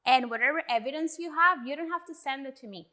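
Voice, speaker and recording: Bright, high-voiced woman lawyer. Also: fast talker. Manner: emphatic, mixes in Spanish phrases. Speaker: attorney and podcast co-host. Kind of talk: casual podcast chat.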